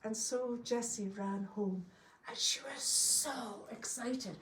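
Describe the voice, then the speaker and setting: A woman telling a folk tale to a live audience, lively and laughing often as she acts out the voices. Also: fairly high pitch, a little slow, a little hiss or hum. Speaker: storyteller. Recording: roomy, from a distance, faint ambience.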